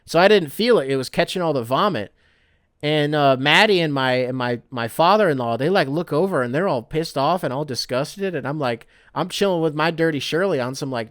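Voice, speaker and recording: A man's voice: a little high, expressive, brisk, no room sound, clean studio sound. Rambling, profane young man. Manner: rambling, profane, self-mocking. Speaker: podcast host. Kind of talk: casual solo podcast monologue.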